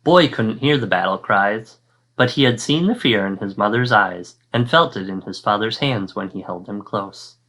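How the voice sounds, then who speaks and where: A male fourth-grade teacher reading a children's picture book aloud, with expressive storytelling and acted-out sound effects. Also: lowish voice, moderate pace.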